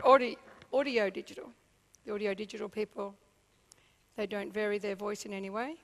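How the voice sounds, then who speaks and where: A woman giving a seminar talk to a live audience, animated and often checking in with the crowd. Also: mid-range voice. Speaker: business speaker.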